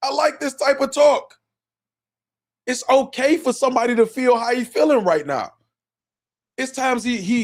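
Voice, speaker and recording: Animated man hosting a live stream. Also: sits high, vocal fry. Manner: animated, repetitive, profane, talks over clips. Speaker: livestream host. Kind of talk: casual live-stream commentary.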